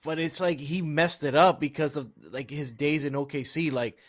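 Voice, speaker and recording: A man's voice: on the high side, fairly even intonation, moderate pace, no echo, studio quality. A man hosting a podcast in casual sports chat, arguing his opinions while searching for the right words. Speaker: podcast host.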